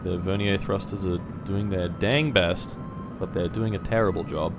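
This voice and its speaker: A young man commentating his own live game stream, swinging between quiet muttering and loud swearing outbursts. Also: deep voice, fairly even intonation, normal speed, music in the background.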